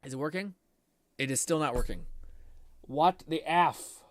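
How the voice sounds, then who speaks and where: A man's voice: a little high, measured pace, a little hiss or hum. A man live streaming from his home computer, chatting casually with viewers and rambling and swearing while he troubleshoots his PC.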